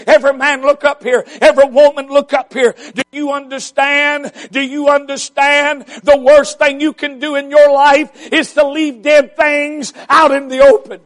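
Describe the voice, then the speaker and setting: A man preaching a revival sermon, shouting and stretching out his words for emphasis. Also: extremely high pitch. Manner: shouting, drawn-out emphatic delivery.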